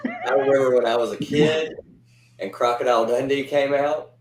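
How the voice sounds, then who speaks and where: A man's voice: medium pitch, moderate pace. A chatty man with a mid-range voice tells his stories with animation. His voice rings in a roomy, echoey space. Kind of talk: casual online panel chat.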